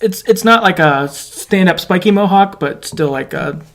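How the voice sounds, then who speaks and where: A man's voice: high-pitched, animated, normal speed, vocal fry, a bit bright. A man co-hosting a podcast, recapping a story game in casual, rambling chat with lots of fillers. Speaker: podcast co-host.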